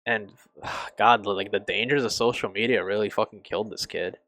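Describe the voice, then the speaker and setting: Young male reviewer, lowish voice, dry close sound, emotional and halting delivery with frequent swearing. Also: steady tone, a bit bright, no echo. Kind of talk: casual review.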